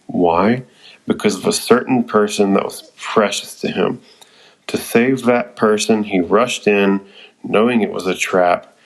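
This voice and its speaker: Calm teen boy ninja, solemn, measured, respectful, cartoon, read by a man. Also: fairly low pitch, low-quality recording.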